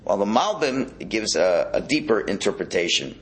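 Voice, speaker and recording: A man teaching a Torah class in a casual, questioning way, who goes up in pitch when he stresses a point. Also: big pitch swings, moderate pace, rough recording. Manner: casual, with many restarts and rhetorical questions. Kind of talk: teaching a Bible class, explaining commentaries.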